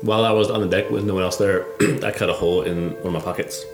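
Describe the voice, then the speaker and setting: Man, tabletop player, deep voice, echoey, faint music. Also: steady tone. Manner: quick, joking banter. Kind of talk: casual tabletop play.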